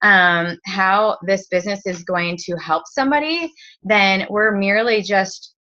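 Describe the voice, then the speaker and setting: A woman's voice: medium pitch, measured pace, pushed and bright. A woman in her thirties giving a casual training talk as a direct-sales team leader, rambling with lots of fillers and restarts. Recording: dull lo-fi recording.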